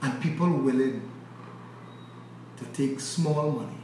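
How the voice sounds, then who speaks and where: A man with a Trinidadian accent delivering an impassioned, cursing political rant, swinging between loud outbursts and low, intense passages. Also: expressive, normal speed, very echoey, far from the mic, slight background noise, poor audio. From Trinidad and Tobago. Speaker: political commentator.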